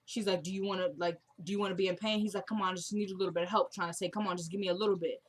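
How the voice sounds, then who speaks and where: A woman's voice: mid-range voice, fairly even intonation, very fast. Chatty young woman recapping a TV episode. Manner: chatty, retells scenes quoting characters.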